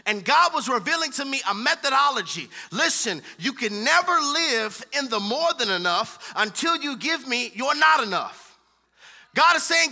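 High, bright-voiced preaching man. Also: expressive, moderate pace, gravelly. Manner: impassioned preaching, rhythmic repetition, voices God's words. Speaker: pastor. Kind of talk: sermon.

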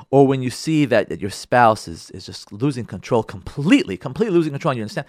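Animated rabbi a lively, expressive voice. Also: male voice, medium pitch, quick pace, hardly any pauses, dry recording, studio quality. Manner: animated, repeats phrases for emphasis, acts out listeners' voices. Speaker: rabbi, show host. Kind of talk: lively Torah talk addressed to listeners.

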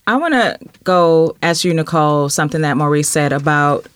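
A woman's voice: sits low, moderate pace, dry recording. A woman moderating a roundtable, asking probing, direct questions.

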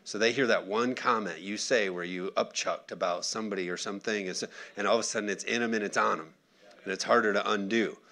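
A pastor in his thirties preaching a sermon, animated and conversational, acting out quotes and asking the congregation for responses. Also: lowish voice, fast.

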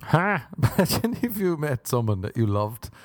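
A man's voice: medium pitch, very animated, moderate pace, a little mellow, no echo. An Irish man hosting a podcast, rambling through a crude comedic monologue and slipping into silly voices. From Ireland. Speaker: podcast host. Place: living in Los Angeles.

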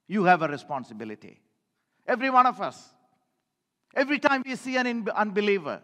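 High-voiced preacher in a reverberant hall. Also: male voice, very animated, fairly quick, pushed and bright. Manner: emphatic, repeats phrases for the congregation. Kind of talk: sermon.

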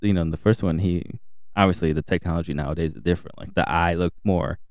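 A man with a low, dark and mellow voice co-hosts a podcast, talking casually and swearing as he rants. The recording is dry and close. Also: quick pace, no echo. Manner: animated, profane ranting. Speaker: podcast co-host. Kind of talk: casual chat. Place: home podcast setup.

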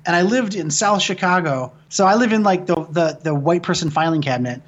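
His voice sits high and moves fairly quickly over lo-fi sound. He's a thirtysomething filmmaker from Michigan, a guest in a casual conversation, telling rambling stories laced with swearing and frequent restarts.

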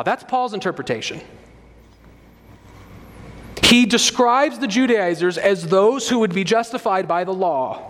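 A man's voice: high voice, a bit bright, big-room sound. A man preaching an expository sermon, emphatic and repeating key phrases for stress. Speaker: pastor.

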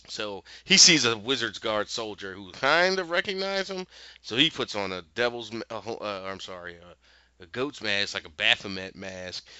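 Forceful, sharp-voiced man recapping a show. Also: on the low side, clear, resonant tone, no echo, dull audio. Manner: retells scenes, quoting characters' lines; rambling, many fillers and self-corrections. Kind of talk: casual TV episode recap.

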